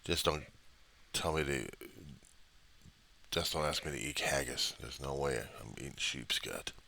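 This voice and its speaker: A man's voice: very deep voice, unhurried, creaky, sharp tone. A man from the United States, rambling and trailing off in a personal video diary, with mild cursing. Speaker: video diarist.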